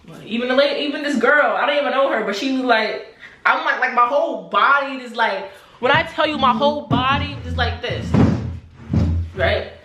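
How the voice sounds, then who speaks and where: A young adult woman telling a personal story to camera in a casual, animated way, repeating phrases and sometimes dropping to a near-whisper. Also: high-pitched, moderate pace, echoey room, faint music behind. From New Jersey, USA. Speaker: vlogger.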